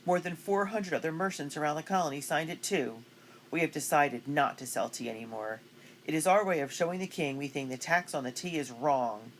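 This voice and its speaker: A woman's voice: sits low, fairly quick, slight background noise, lightly acted, poor audio. A woman voicing a grown male colonial shopkeeper in a storybook, speaking steadily and firmly. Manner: steady, firm.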